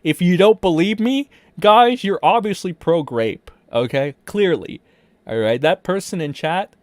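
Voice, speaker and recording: A man's voice: fairly high pitch, animated, unhurried, dry recording. A man doing a sarcastic, overdramatic imitation of a whiny online accuser. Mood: mocking.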